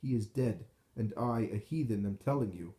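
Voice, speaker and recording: A man reading the part of a stern heathen soldier who speaks in a flat, commanding way. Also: on the low side, moderate pace, lightly acted.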